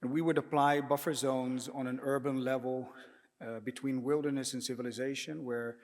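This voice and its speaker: A man of ordinary pitch gives a prepared talk to a panel audience, in a measured way that often pauses on "uh" and "um". His voice carries the long reverb of a lecture hall. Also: level tone. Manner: measured, with frequent hesitations and throat clearing. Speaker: panel speaker, architect.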